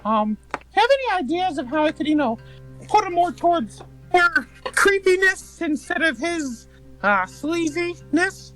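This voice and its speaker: Woman doing a high breezy surfer dude. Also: very animated, fairly bright tone, soft background music, heavily acted, poor audio. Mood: chatty. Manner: slangy, drawn-out, breezy. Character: laid-back young dude, blunt and casual.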